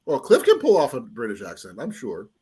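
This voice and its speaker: A man hosting a relaxed live-stream chat, full of teasing banter. His intonation rises and falls a lot. A faint hiss sits under his voice. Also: medium pitch, fairly quick. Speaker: host.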